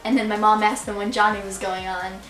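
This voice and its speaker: A woman's voice: medium pitch, level tone, fairly bright tone, distant mic, faint music behind. Gushing teen girl vlogger, roomy sound. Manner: gushing, fast, full of "like". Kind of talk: excited casual storytelling. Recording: roomy and a bit off-mic.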